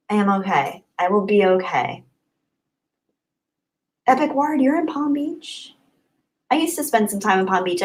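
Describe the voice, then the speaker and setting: Woman on a livestream, chatty and friendly, reading comments and thanking folks, kinda soft and trailing off. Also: on the high side, rough recording. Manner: chatty and upbeat, thanking viewers by name. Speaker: livestream host. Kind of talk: casual live chat reading comments.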